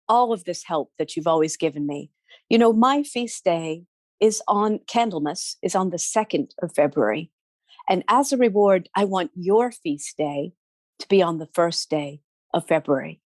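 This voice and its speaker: A woman voicing a gentle, grateful holy woman who speaks earnestly. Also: on the low side, lively intonation, a little slow, dry recording.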